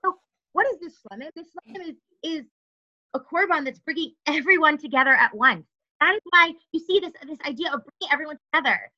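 Bright high-voiced woman teaching Torah. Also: lively intonation, fairly quick, muffled recording. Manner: thoughtful, restarts often, asks rhetorical questions. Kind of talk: Torah lesson with Hebrew quotes.

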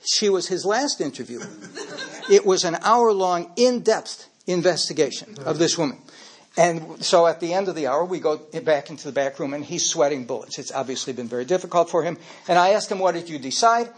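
A man's voice: a little high, fairly quick, slightly rough. Older man telling stories in a speech. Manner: anecdotal, gets emotional while speaking. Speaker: speaker giving a talk. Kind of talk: personal storytelling speech.

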